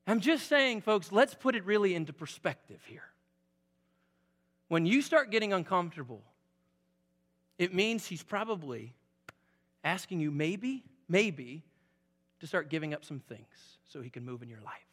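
Animated preacher man in an echoey hall. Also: high-pitched, moderate pace. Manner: animated, conversational preaching that rises to loud emphasis. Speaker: pastor. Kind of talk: sermon. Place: church sanctuary.

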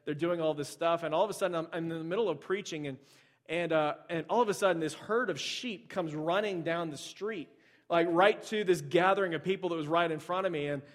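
A man's voice: a little high, a little fast. A male pastor from the United States preaching a casual, conversational sermon, telling stories with lots of fillers and restarts. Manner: storytelling, many fillers and restarts.

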